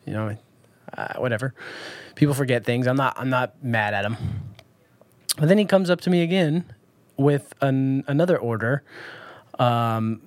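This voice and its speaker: A man's voice: mid-range voice, lively intonation, moderate pace, pauses often, no room sound. A man from Southern California talking casually about his day in a vlog, rambling with many ums and restarts. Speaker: vlogger.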